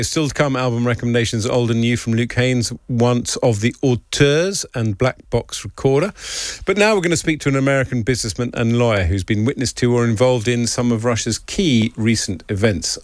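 A man hosting a radio interview in the studio, asking questions in a brisk, wry way. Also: mid-range voice, fairly even intonation, dry recording. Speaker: radio host.

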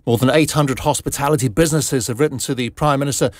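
A man reading a radio news bulletin in a measured, formal way from a studio. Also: mid-range voice, no echo. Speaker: newsreader.

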